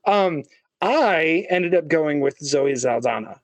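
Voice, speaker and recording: A man co-hosting a casual podcast chat, talking in halting bursts with many restarts and fillers. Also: a little high, lively intonation, dry recording. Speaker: podcast co-host. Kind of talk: casual chat about movie casting.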